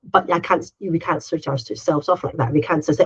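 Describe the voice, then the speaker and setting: A woman's voice: deep voice, moderate pace, breathy edge, muffled recording. A woman co-hosting a casual podcast chat. She talks in a chatty, running way, tags her sentences with "right?", and acts out her own inner voice in little quotes. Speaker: podcast co-host.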